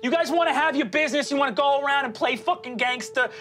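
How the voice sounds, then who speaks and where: A man voicing an angry, shrill middle-aged mother in a mob family, shouting high above his own voice. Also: quick pace. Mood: furious. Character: weeping angry Italian-American mother, middle-aged woman.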